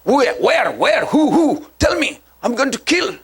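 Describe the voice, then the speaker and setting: A man's voice: very high-pitched, very animated, measured pace, creaky, slightly rough, pitched above the performer's own voice, exaggerated voice. A man acting a hot-headed male neighbor with a gun, who repeats his questions in a frantic rush. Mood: agitated.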